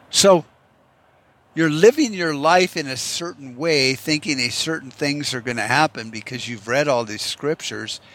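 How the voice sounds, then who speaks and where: Male vlogger, mid-pitched, casual and profane, musing rhetorically. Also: creaky, fairly bright tone. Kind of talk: rambling casual monologue.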